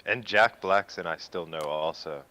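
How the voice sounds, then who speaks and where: A man's voice: deep voice, measured pace, pushed and bright, no room sound. A man co-hosting a movie podcast, chatting casually and tossing in wry, offhand asides. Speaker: podcast co-host. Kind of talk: casual chat.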